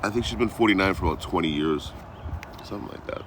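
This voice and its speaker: A man's voice: low-pitched, fast, fairly bright tone, a little hiss or hum. A man chatting loosely with viewers on a livestream, rambling and swearing freely. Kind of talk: casual live chat.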